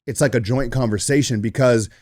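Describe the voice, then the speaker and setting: A man's voice: mid-range voice, steady tone, a little fast, darkish tone. Blunt man talking on a podcast. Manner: candid, blunt, with frequent profanity and restarts. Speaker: podcast host. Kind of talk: casual podcast conversation.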